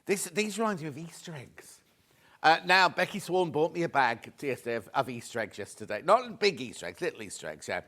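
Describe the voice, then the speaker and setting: A British man presenting a live shopping show, chatty and excitable as he reads out viewer messages. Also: fairly high pitch, brisk. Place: TV studio.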